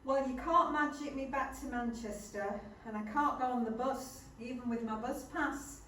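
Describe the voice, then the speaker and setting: A woman playing a kindly, elderly mother in a stage play, fond and gently chiding. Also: high voice, moderate pace, slight background noise. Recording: echoey hall, far from mic.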